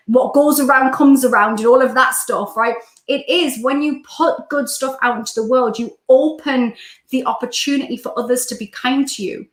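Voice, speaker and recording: A woman's voice: a little high, roomy sound. A woman with a Geordie accent, a life coach talking casually in a livestream and reading out viewer comments as she rambles. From Newcastle, England.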